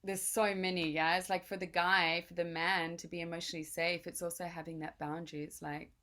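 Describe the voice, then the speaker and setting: A woman's voice: lowish voice, level tone, fairly quick, fairly bright tone. A woman in her late forties hosting a casual conversation, frank and emphatic, swearing freely. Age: 40s. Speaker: podcast host.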